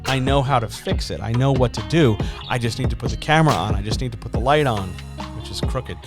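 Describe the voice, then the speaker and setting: A man in his forties talks over music in his small home studio, his voice sitting at a middle pitch. He hosts a live stream in a loose, self-deprecating way and keeps asking the audience rhetorical questions. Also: fast. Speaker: streamer host. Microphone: studio microphone. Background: background music.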